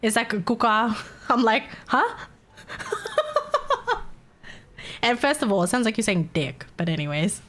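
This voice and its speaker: A woman's voice: a little high, wildly swooping pitch, a little slow, pauses often, fairly bright tone. A young Australian woman streaming live, chatting casually in a rambling, giggly, playfully crude way.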